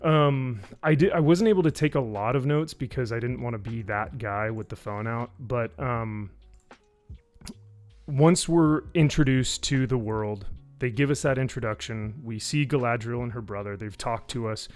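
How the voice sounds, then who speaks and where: A man in a casual live-stream review, talking in a sarcastic, animated way with many fillers. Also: normal speed, soft background music. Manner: animated, sarcastic, many fillers, mimics people with high voices. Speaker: YouTube reviewer.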